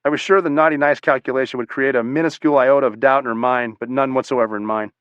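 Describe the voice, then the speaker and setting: Steady man reading a memoir. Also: medium pitch, fast talker, smooth, no room sound, highs cut off. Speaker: audiobook narrator. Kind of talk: first-person memoir narration.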